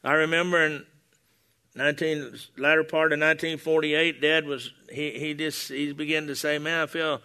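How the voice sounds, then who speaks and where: An older man preaching to his congregation in a folksy, storytelling way, stumbling and restarting as he goes. His voice is very bright and somewhat high for a man. He wears a clip-on mic in a church hall. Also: little pitch movement, moderate pace, smooth. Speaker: pastor. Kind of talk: sermon. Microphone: wearing a lapel mic.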